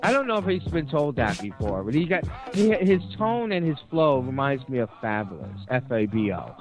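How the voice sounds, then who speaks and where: A man's voice: medium pitch, very animated, moderate pace, darkish tone, soft background music. A man hosting a radio show, asking a rapper friendly questions and praising his tracks in a chatty way. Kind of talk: radio interview.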